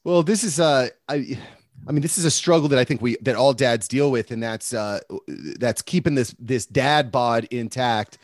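A man's voice: mid-range voice, normal speed, dry recording. Easygoing storytelling man, dry sound. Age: late 30s. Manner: easygoing storyteller, lots of fillers. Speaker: podcast guest. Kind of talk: casual chat.

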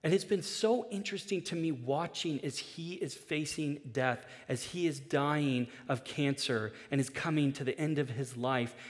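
Earnest pastor preaching in a hall. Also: male voice, fairly high pitch. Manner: earnest storytelling, rising in intensity with repeated restarts. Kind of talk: sermon. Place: large church hall. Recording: long hall reverb.

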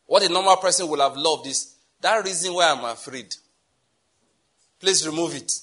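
Nigerian pastor with husky bright voice. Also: male voice, on the high side, normal speed. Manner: conversational preaching with repetitions and chuckles. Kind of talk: sermon.

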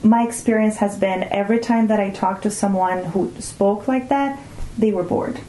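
A woman in her forties from Brazil, speaking in an earnest, thinking-aloud interview manner. Her voice sounds dark and mellow. The room adds a noticeable echo. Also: medium pitch, steady tone, moderate pace, a little hiss or hum. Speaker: guest, mother of two teenagers. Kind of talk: reflective conversational interview. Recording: roomy echoing room.

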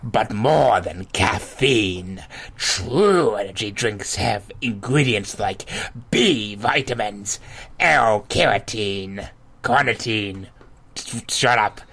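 Dude with a cold, slow talker, bright raspy voice, explaining stuff. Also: male voice, lowish voice, lively intonation. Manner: explanatory, mildly sarcastic asides. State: sick with a cold. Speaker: co-host giving advice. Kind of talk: casual group chat.

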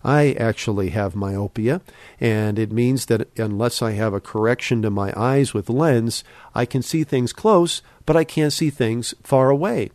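A man teaching the Bible on a podcast in an earnest, exhorting sermon style, slowing down and speeding up for emphasis. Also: medium pitch, a little mellow, no room sound.

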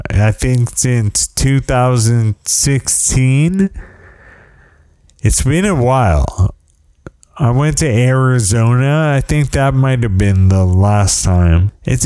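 A man's voice: medium pitch, a little mellow, clean tone, dry recording. A middle-aged man telling a rambling, wry story in casual monologue, often restarting his sentences.

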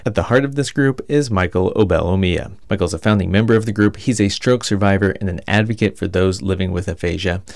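A male reporter reading scripted narration in a measured way. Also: low voice, creaky, dry recording, studio quality. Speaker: radio reporter.

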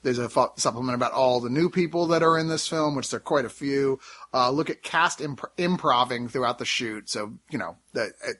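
A man co-hosting a casual movie review chat, talking animatedly and jumping into jokey asides. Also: a little fast. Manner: animated, jumps into high-pitched jokey asides. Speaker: podcast co-host.

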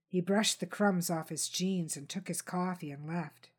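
A woman reading a tense crime novel aloud in steady, dramatic scripted narration. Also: on the low side, measured pace, breathy edge. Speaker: audiobook narrator.

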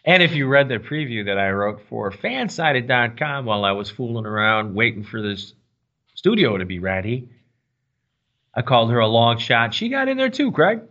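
A man's voice: medium pitch, big pitch swings, normal speed, pushed and bright, lo-fi sound. A man hosting a tennis podcast in a casual, enthusiastic, rambling way from a small studio. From United States. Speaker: podcast host. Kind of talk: casual sports chat. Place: small library recording studio.

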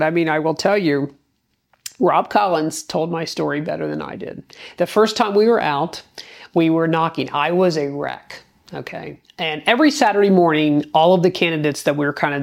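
Gravelly-voiced woman telling her story. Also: low voice. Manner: energetic, conversational, acts out quoted dialogue. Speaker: podcast host. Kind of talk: personal storytelling talk.

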